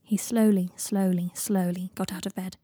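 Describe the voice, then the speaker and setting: A woman narrating a fan fiction audiobook in a quiet, steady reading voice. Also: mid-range voice, normal speed, breathy edge, dry recording, clean studio sound.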